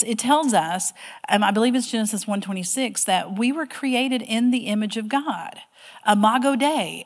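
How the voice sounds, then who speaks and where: A woman teaching a Bible study class in a chatty, animated way with self-deprecating asides. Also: fairly high pitch, long reverb tail.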